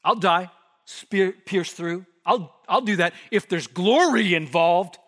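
A man voicing a boastful, zealous male disciple who declaims his boasts loudly and slowly. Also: high-pitched, long reverb tail, exaggerated voice.

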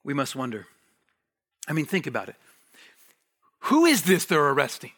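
A man preaching a sermon as a pastor, swinging from hushed near-whispers to raised, urgent lines and repeating words for emphasis. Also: a little high, huge pitch swings, moderate pace.

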